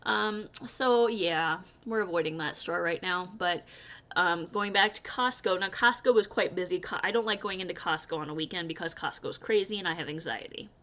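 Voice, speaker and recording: A woman's voice: lowish voice, moderate pace, pushed and bright. Casting: young adult woman, chatty vlogger, easygoing storyteller, laughs often. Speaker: crochet vlogger. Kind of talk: casual chat to camera.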